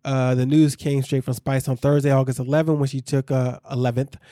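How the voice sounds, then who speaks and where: A man's voice: mid-range voice, level tone, fairly quick, mellow, dry recording, clean studio sound. A man co-hosting a casual gossip chat, reading out celebrity news and joking with frequent laughs. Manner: joking, reads news aloud, laughs often. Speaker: podcast co-host.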